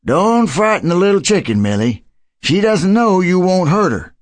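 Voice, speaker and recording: A man doing a gentle, welcoming old grandpa. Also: high-pitched, sing-song, moderate pace, dry recording, pitched above the performer's own voice. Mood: kindly. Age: older. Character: kindly hospitable grandfather who keeps animals. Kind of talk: audiobook character voice.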